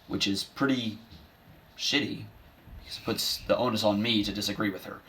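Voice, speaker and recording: A washed-up middle-aged horse, as a man plays him, talks in a somewhat low voice with dry, bitter sarcasm. He is self-deprecating and keeps undercutting his own grief with jokes. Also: fairly even intonation, normal speed, sharp tone. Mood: sardonic. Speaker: son giving a eulogy. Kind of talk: comedic dramatic monologue.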